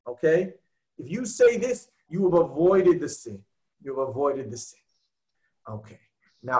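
High-voiced man teaching a text class. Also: fairly bright tone, low-quality recording. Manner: explains step by step, asks students questions; reads Hebrew and Aramaic terms aloud.

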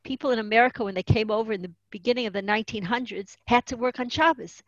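A woman's voice: on the high side, fast talker, fairly bright tone, no room sound. A woman giving an earnest religious lesson, explaining Hebrew terms and telling stories. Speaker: teacher of Jewish tradition. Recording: dull, muffled dry recording.

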